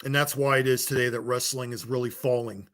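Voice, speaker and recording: A man's voice: medium pitch, steady tone, fairly quick, a bit bright. A man delivering a heated, blunt rant to his viewers, swearing and scolding them as a wrestling vlogger. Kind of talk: angry rant to camera.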